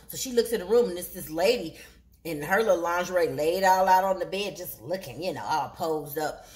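A woman hosting a casual TV episode recap, telling the story in an animated way and acting out the characters' lines. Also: on the low side, a little fast. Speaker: recap show host.

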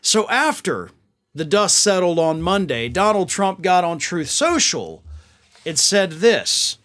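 A man's voice: high voice, sing-song, slow, a bit bright. A man hosting political commentary, talking in a sarcastic, mocking and exasperated way.

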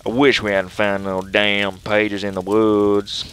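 A man's voice: fairly low pitch, flat delivery, slow, a bit bright, clear, resonant tone. A man voicing a guilt-ridden rural hillbilly man in a put-on Southern drawl, reading a diary aloud in a video game let's play. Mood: uneasy. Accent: put-on rural American Southern.

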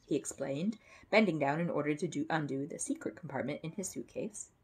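A woman in her fifties reading a children's storybook aloud, expressive, with small slips and self-corrections. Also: low voice, brisk, slightly rough. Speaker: children's book reader.

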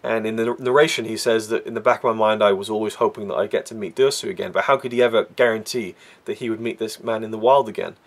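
Man, film reviewer, gravelly edge, earnest and emotional, casual monologue, stumbling restarts. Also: lowish voice.

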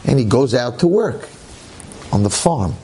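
A middle-aged rabbi telling a story in a dramatic, animated way, acting out its characters. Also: male voice, medium pitch, a little slow, noisy background. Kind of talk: storytelling lecture.

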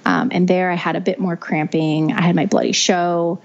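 A young woman with a lowish, gravelly voice recounts her birth story as a podcast guest. She talks in a chatty way, restarting her phrases and leaning on "you know." The audio is dull and lo-fi. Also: little pitch movement, normal speed. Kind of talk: casual storytelling.

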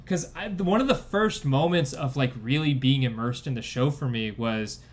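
Enthusiastic and rambling, this young podcast co-host fills his casual chat with "like" and frequent restarts. He speaks at a medium pitch and a moderate pace.

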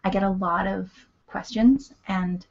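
Gravelly Canadian woman, soft and earnest. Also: medium pitch, fairly even intonation, a little slow, lo-fi sound. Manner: earnest, explanatory, drifts into whispers. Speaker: documentary filmmaker guest. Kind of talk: casual chat.

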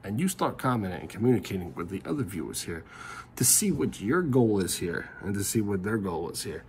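Middle-aged guy venting into his phone, gravelly lowish voice, rambly and repetitive, bit of hiss. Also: sing-song, brisk, darkish tone. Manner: rambling, repeats himself, swears. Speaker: family vlogger. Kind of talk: frustrated rant to camera.

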